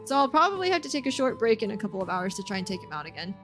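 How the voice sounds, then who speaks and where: A woman's voice: mid-range voice, big pitch swings, racing. A young woman streaming from home, chatting with her viewers in a bubbly way and laughing often. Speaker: game streamer. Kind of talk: casual chat with stream viewers. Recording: faint background music.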